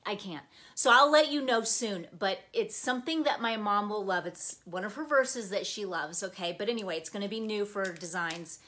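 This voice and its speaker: A woman's voice: mid-range voice, normal speed, few pauses, fairly bright tone. A middle-aged woman hosting a live stream, chatting in a bubbly, gushing way. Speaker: planner community host. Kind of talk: casual live-stream chat. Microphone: phone camera.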